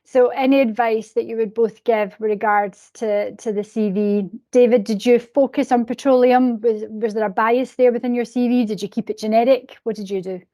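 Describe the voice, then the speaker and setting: A woman's voice: a little high, steady tone, moderate pace, few pauses, dark tone. A woman hosting a virtual career panel, encouraging her guests and putting questions to them by name. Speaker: host.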